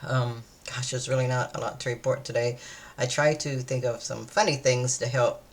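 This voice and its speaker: A tired, low-energy woman chats casually in a day-in-my-life vlog, meandering and hesitant with many fillers and restarts. Her voice is a rumbling low with a level tone, at normal speed.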